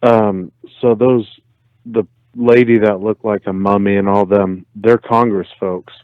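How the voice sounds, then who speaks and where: A man calling in to a live show, talking in a relaxed, joking way with many fillers. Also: fairly low pitch, a little slow, dry recording. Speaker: caller. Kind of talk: phone call-in chat. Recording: tinny phone line.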